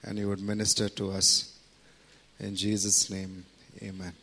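A man preaching a sermon, reading scripture, praying and teaching in an earnest, deliberate way. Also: on the low side, monotone, bright, forceful tone, a little hiss or hum.

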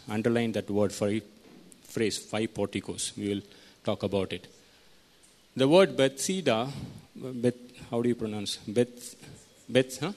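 Fairly low in pitch and a little mellow, this preacher moves at a measured pace. His sermon works through the text verse by verse, and he asks his listeners questions as he teaches.

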